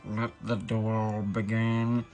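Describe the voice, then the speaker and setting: A stern, unhurried wizard teacher, put on by a man speaks in a slow, drawn-out, flat drawl. He acts the teacher out as part of a comic bit. The voice carries no urgency at all. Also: fairly low pitch, over music.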